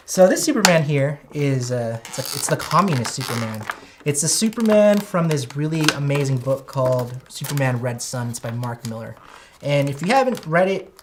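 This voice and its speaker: Man with a high, whiny voice, rambling and enthusiastic, chatting on a toy livestream with faint noise behind. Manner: rambling, enthusiastic, self-correcting. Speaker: toy collector streamer. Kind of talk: casual toy unboxing livestream chat.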